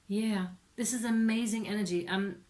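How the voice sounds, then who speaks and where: Woman, tarot reader, casual reading, excitable, laughs a lot, swears. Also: medium pitch.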